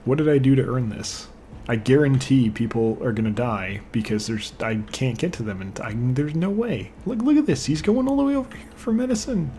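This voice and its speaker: Young guy venting over a game he's playing, swears a lot, mid pitch, faint keyboard clicks. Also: expressive, fairly quick, hardly any pauses, warm tone, slight background noise. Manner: frustrated, swearing, rambling asides. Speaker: gaming channel host. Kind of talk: let's play commentary.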